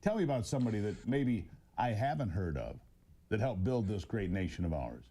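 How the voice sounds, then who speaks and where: A man hosting a talk radio show, introducing his guest and pushing him with brisk questions. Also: fairly low pitch, very animated, warm tone, breathy edge. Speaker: host.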